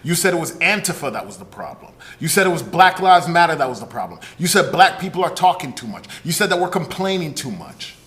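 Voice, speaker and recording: Talking fast with barely a pause, this man has a fairly high, bright, very animated voice. As a podcast co-host, he delivers heated commentary full of anger, cutting sarcasm and profanity.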